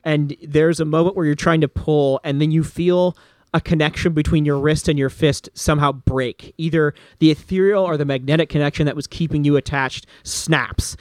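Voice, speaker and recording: A man narrating as game master in a tabletop game, brisk and descriptive, with fillers. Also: fairly high pitch, fairly even intonation, no room sound.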